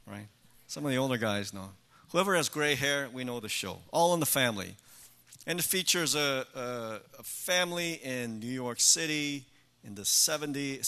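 An older male preacher giving a sermon in a measured way, with emphatic rhetorical questions. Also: medium pitch, bright, forceful tone.

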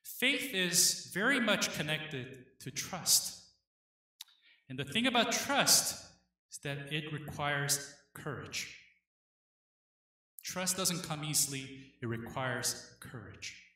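A man's voice: a little high, pushed and bright, distant mic. Man preaching in an echoey hall. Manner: earnest preaching with dramatic pauses. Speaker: pastor. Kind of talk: sermon.

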